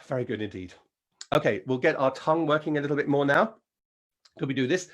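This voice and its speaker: Lively, encouraging English singing teacher. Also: male voice, mid-range voice, fairly quick, slightly rough. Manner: encouraging, demonstrates sounds and sings. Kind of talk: vocal warm-up lesson.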